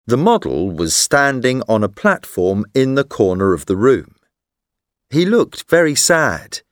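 A man narrating a simple story aloud, reading slowly and with careful clarity. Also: medium pitch, sing-song, no room sound, studio quality. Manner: slow, carefully clear storytelling. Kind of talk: scripted narration of a graded reader story.

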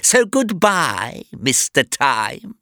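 A man voicing a scheming female villain who speaks slowly and with menace. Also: a little high, big pitch swings, gravelly, sharp tone, dry recording, studio quality, pitched above the performer's own voice, exaggerated voice. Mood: gloating. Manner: slow, drawn-out menacing delivery.

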